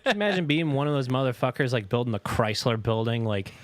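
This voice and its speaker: A mid-range voice, a little fast and with no echo, comes from a man co-hosting a podcast. Chatting casually, he tells animated stories, swears often, and impersonates the people he quotes.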